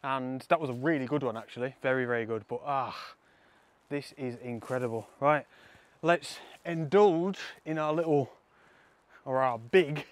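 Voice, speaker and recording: By a lake, a young male landscape photography vlogger records a casual, upbeat vlog to camera, frequently breaking into laughter. He has a medium-pitched voice and talks at normal speed.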